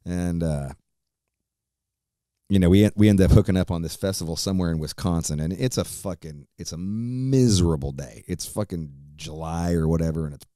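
A man's voice: low voice, normal speed, dark tone, dry recording, clean studio sound. A middle-aged man hosting a podcast, telling a story casually in a rambling, profane way full of fillers and restarts. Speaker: podcast host.

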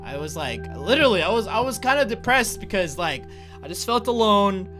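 A young man from North Carolina giving let's-play commentary, earnest and halting, often stammering and restarting his sentences. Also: sits high, big pitch swings, over music. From North Carolina, USA. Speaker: gaming YouTuber.

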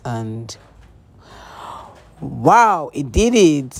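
A woman's voice: extremely low pitch, normal speed, dark tone. A young Nigerian woman doing a casual vlog voice-over, telling a story with shy giggles and slipping into pidgin. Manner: giggly, breathless, mixes in pidgin. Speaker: vlogger.

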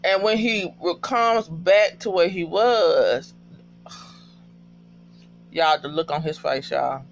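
A man casually recapping a TV episode in a profane, emotional, animated storytelling way. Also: a little high, slow pace, vocal fry, lo-fi sound, a little hiss or hum.

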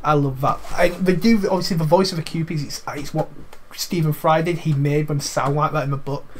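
Chatty English game streamer. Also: male voice, fairly high pitch, fairly even intonation, fairly quick, slight background noise. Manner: chatty and rambling. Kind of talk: casual live commentary.

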